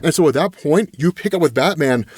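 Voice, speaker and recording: A man giving a casual, animated comic book recap as a regular host, full of loose fillers. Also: fairly high pitch, brisk, breathy edge, no room sound, clean studio sound.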